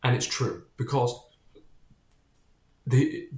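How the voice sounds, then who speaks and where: A man in a mid-pitched voice talks straight to camera in a loose, wandering monologue, jumping between tangents and swearing bluntly. His voice bounces around a bare, echoey room. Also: wildly swooping pitch, slow pace, a little mellow. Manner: digressive, keeps drifting off topic, blunt and profane. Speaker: vlogger. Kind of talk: casual rambling monologue to camera.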